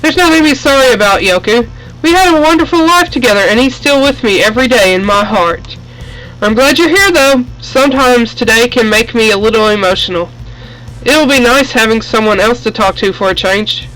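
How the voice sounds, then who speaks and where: A man reading the lines of a gentle, lonely elderly widow in a game, in his own plain voice without an old-lady voice. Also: very high voice, animated, brisk, exaggerated voice, low-quality recording.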